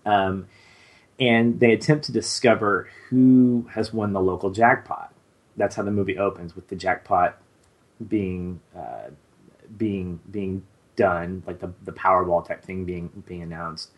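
A man's voice: sits low, steady tone, measured pace. A man in his thirties co-hosting a podcast, chatting casually and rambling with many fillers and restarts. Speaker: podcast co-host. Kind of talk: casual chat.

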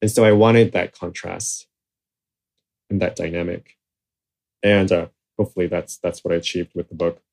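A man's voice: low-pitched, fairly even intonation, moderate pace, creaky, long pauses, a little mellow. A man talking casually as a translator in an interview, rambling, with many fillers and restarts. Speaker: literary translator.

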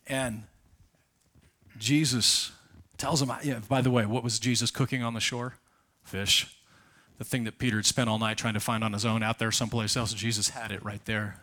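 A man preaching a sermon as pastor at a church service, telling stories emphatically and swinging between loud and soft. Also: mid-range voice, little pitch movement, normal speed.

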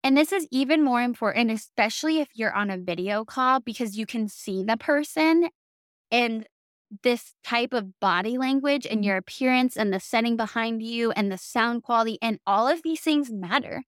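A woman's voice: on the high side, animated, normal speed, clean tone, dry recording, studio quality. A young woman from the American South, coaching in a chatty, upbeat way and often saying "like". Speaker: business coach. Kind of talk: casual teaching to camera.

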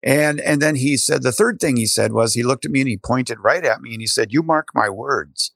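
An older man telling his story as an interview guest, animated, with frequent restarts. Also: medium pitch, fairly quick, vocal fry, no room sound, clean studio sound.

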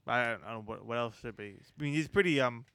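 Young guy cohosting sports talk, talks fast, smooth clear voice, dry mic. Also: medium pitch, a bit bright.

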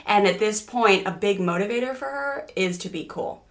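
A middle-aged woman co-hosts a parenting podcast in relaxed conversation. She tells stories animatedly, often restarting her sentences as she goes. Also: medium pitch, normal speed. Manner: animated storytelling with many restarts. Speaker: podcast co-host, parenting coach. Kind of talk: casual podcast chat.

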